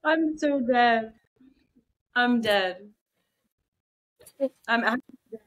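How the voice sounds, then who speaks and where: A woman's voice: on the high side, takes it slowly, a bit bright, muffled recording. A woman podcast host in casual chat, giving short, blunt reactions.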